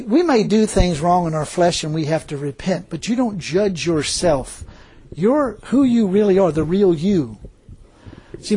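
A man with a high-pitched, breathy and husky voice preaches. He rambles through his story with many fillers and repeated words, now and then chuckling. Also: mellow. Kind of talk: sermon testimony.

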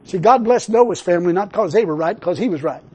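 A man's voice: sits high, animated, a little fast, darkish tone, breathy edge. An older man preaching a sermon, telling a personal story and then building into emphatic preaching. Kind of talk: sermon testimony.

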